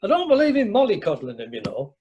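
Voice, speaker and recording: A man's voice: high-pitched, huge pitch swings, quick pace, darkish tone, slightly rough, lo-fi sound, exaggerated voice. An actor playing a blunt, hearty older male cruise passenger, recorded over a video call for an amateur radio play. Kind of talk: amateur radio drama acting. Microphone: remote video call.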